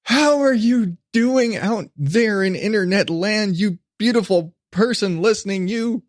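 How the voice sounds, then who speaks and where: A man's voice: high-pitched, measured pace, no echo, clean studio sound. A man in his thirties hosting a solo podcast, rambling in a hyper, laughing way with lots of restarts. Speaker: podcast host.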